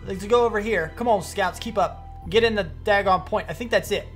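Excitable streamer in a strategy game. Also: mid-range voice, faint music behind. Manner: excitable, repeats commands rapidly. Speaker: gaming streamer. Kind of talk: let's-play commentary.

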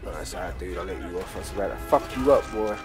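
A British man giving crude, excitable let's play commentary while trash-talking enemies in a war game. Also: low voice, fast talker. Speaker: gamer. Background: game music and gunfire.

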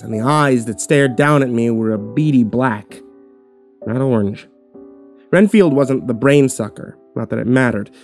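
Give me a man narrating a horror story. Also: medium pitch. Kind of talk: scripted narration.

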